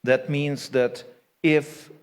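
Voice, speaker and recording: A man's voice: fairly high pitch, level tone, very slow, smooth. Man from Ukraine, non-native English, moderator with long searching questions. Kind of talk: panel discussion.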